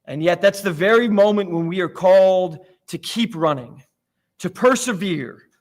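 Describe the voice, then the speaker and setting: A man with a fairly high voice delivers a church sermon, from Florida by his own account. He talks like he's chatting with friends, slipping in self-deprecating stories between points. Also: normal speed. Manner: conversational storytelling, self-deprecating. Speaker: preacher. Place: church sanctuary.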